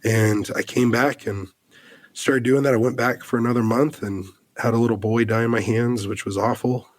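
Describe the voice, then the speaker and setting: An American man in his thirties appears as a podcast guest, sharing a heartfelt personal story in earnest. His voice is medium-pitched and steady, at a normal speed with no room sound, and he often says "like" and restarts his sentences.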